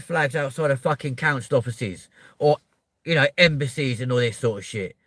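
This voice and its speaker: A man from Kent, ranting on a live stream and answering chat, swearing and often rising to shouting. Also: mid-range voice, normal speed, no room sound. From Kent, England. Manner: profane, heated, swings into shouting. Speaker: livestreamer.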